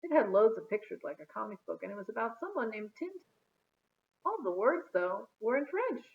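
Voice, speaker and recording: A woman reading a children's chapter book aloud in an expressive, storytelling manner. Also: fairly high pitch, brisk, vocal fry. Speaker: storybook reader. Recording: phone-like narrow sound.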